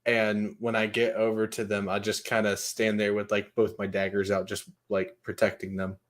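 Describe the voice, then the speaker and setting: A man's voice: lowish voice, flat delivery, moderate pace. A man taking part as a player in a tabletop game, talking casually and asking about the rules. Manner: casual, questioning, loose.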